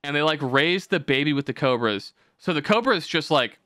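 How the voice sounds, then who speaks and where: A man's voice: a little high, lively intonation, moderate pace, pushed and bright, dry recording, clean studio sound. A young man hosting a podcast, talking in a rambling, profane way and slipping into mocking voices. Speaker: podcast host. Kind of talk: casual podcast chat.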